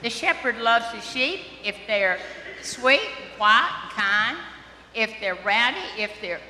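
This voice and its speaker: Slow, bright-voiced woman priest. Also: on the high side, expressive, slight background noise. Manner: slow, gentle, questioning children directly. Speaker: priest giving a children's homily. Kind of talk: children's sermon. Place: church sanctuary. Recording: long church reverb.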